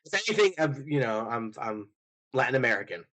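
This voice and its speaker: A man's voice: mid-range voice, big pitch swings, a little fast, fairly bright tone. A young man from Texas co-hosting a podcast, chatting casually in a joking, rambling way with bursts of mock outrage. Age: young adult. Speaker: podcast co-host. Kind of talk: casual chat.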